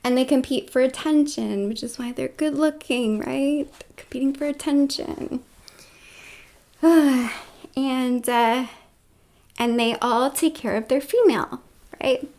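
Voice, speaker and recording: A woman's voice: sits high, takes it slowly, a little mellow. A woman vlogging in a casual, rambling monologue, full of filler words and with dips into whispered asides.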